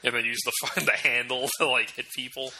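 A young man chatting with friends, laid-back and joking, quick to laugh. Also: medium pitch, level tone, pushed and bright, slight background noise. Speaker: friend in a casual chat. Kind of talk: casual chat.

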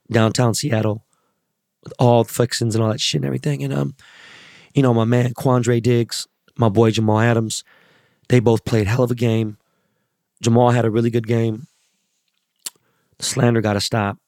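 A man hosting his podcast with a hoarse, worn-out voice from yelling, talking casually, bluntly and with lots of swearing. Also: medium pitch, no room sound, studio quality. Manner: blunt, swears a lot, rambling. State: hoarse, lost voice. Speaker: podcast host. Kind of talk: casual profane podcast monologue.

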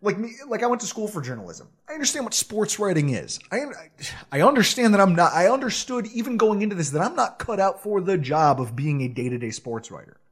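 A man co-hosting a podcast, telling a self-deprecating story in a casual, animated way with frequent laughs. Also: sits high, a little fast, husky. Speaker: podcast co-host.

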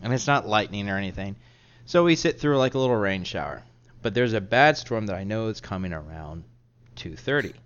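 A man's voice: lowish voice, animated, a little fast, smooth, highs cut off. A man co-hosting a podcast, telling a rambling, crude story in casual chat and laughing at himself as he goes. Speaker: podcast co-host.

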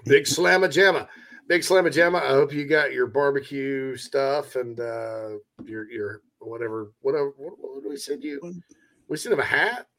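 A man's voice: medium pitch, moderate pace, vocal fry. Easygoing male sports show host. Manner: relaxed, rambling, with restarts. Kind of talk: casual sports talk, reading viewer chat.

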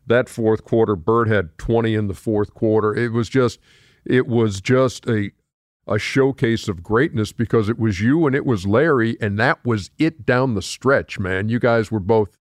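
Measured low-voiced interviewer. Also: male voice, no room sound, studio quality. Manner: measured, reads out statistics. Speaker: host.

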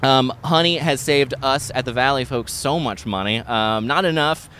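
A man co-hosting a podcast, reading a sponsor ad in a deadpan, rambling way full of fillers and jokes. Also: mid-range voice, moderate pace, slight background noise. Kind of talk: jokey improvised ad read and casual chat.

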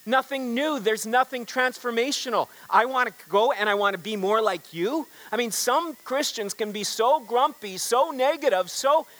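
A man's voice: very high voice, normal speed, hardly any pauses, fairly bright tone, low-quality recording. A man preaching a sermon as pastor, telling a story and drawing the congregation into call-and-response, with frequent restarts and repeated words.

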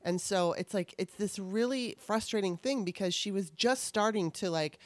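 A woman's voice: medium pitch, normal speed, no echo. Candid rambling middle-aged woman, dry sound. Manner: candid, rambling, swears freely. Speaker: podcast co-host. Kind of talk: casual chat.

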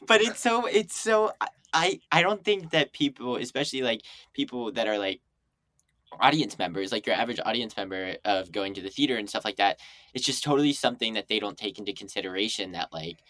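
Brief: excitable host, gushing reactions, close dry sound. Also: mid-range voice, a little fast, no echo. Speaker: interview host. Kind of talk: casual interview chat.

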